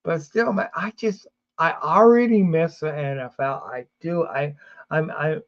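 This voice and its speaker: Man, sleepy, rambling sports host, slow talker, dull lo-fi stream sound. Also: fairly high pitch. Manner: rambling, many fillers and restarts. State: sleepy, yawning. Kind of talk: casual livestream sports talk.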